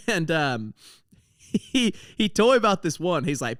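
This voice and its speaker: A young podcast host tells a self-deprecating, comedic story about his travels, laughing at his own jokes. His voice is on the high side, very animated and fairly bright, at a normal speed. The sound is clean studio audio with no room sound.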